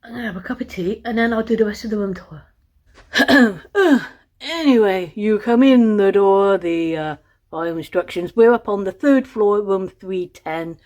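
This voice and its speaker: A woman's voice: mid-range voice, normal speed, a little mellow. Exasperated woman ranting into her phone. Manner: exasperated, swears often, talks to camera. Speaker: vlogger reviewing a hotel. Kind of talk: casual vlog rant and room tour. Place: hotel room, indoors. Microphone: phone camera.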